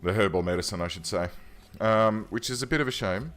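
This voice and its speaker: A man's voice: fairly low pitch, a little fast, a bit bright, soft background music. A man hosting a let's play, chatting casually and thinking aloud as he plays, often correcting himself mid-sentence. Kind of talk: casual game commentary. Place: home room.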